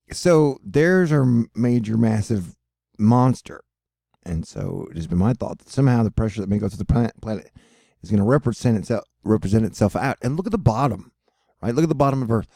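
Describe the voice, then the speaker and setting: A man's voice: mid-range voice, creaky, dark tone, no room sound, clean studio sound. A man hosting his own video, rambling casually over weather maps, swearing and joking and losing his thread. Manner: rambling, profane, jokey, loses his train of thought. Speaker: weather and space video host.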